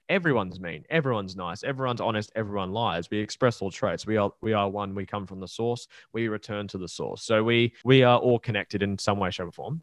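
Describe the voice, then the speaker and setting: A man's voice: mid-range voice, a bit bright, no echo. A man talking casually on a podcast, blunt and rambling, swearing freely as he explains things. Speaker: podcast guest.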